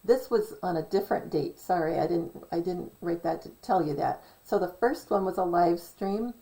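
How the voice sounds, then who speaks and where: A woman's voice: lowish voice, normal speed, dark tone, low-quality recording. A woman vlogger giving rambling commentary, reading from her notes and often stopping to correct herself. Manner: self-correcting, digressive, reads from notes. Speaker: conspiracy vlogger.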